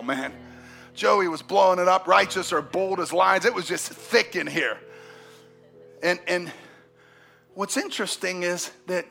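A middle-aged man preaching as a pastor. He swings between shouted exhortation and hushed, intimate passages, and he calls on the congregation to answer back. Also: fairly high pitch, vocal fry. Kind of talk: sermon.

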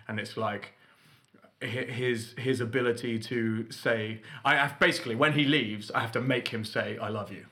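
A young man co-hosting a podcast, telling animated stories in casual chat and acting out the quotes. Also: medium pitch, moderate pace. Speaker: podcast co-host.

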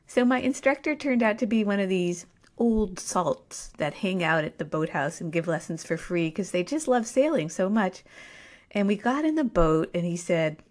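A woman telling a personal story to an audience in a wry, self-mocking, animated way. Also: fairly low pitch, normal speed.

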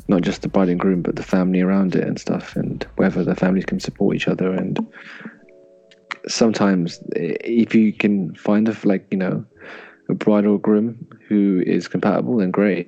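A man speaking slowly and thoughtfully as a podcast guest in casual chat. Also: low voice, creaky, mellow. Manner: slow, thoughtful, hesitant. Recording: dull lo-fi sound with faint music.

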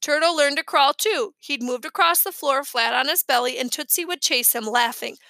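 A woman reading a children's novel aloud in a plain, steady storytelling manner, with a small slip now and then. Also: sits high, normal speed, dry recording. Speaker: audiobook reader.

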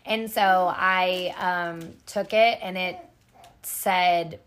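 A woman's voice: lowish voice, drawn-out words, smooth. A woman co-hosting a casual podcast, telling a personal story with many "like" fillers and acting out what others said. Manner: lively storyteller who acts out quotes from others. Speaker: podcast co-host.

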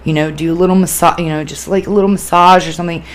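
A woman's voice: on the low side, racing. A woman hosting a casual solo podcast, talking candidly and with plenty of swearing, rambling through fillers and restarts. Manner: candid, profane, animated storytelling. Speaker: podcast host.

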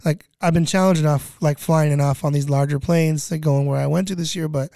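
In clean studio sound with no room sound, a guest in his thirties who cooks for disaster relief rambles through stories from that work, swearing and filling gaps with "you know." He speaks a little fast in a fairly high, dark voice with vocal fry and fairly even intonation.

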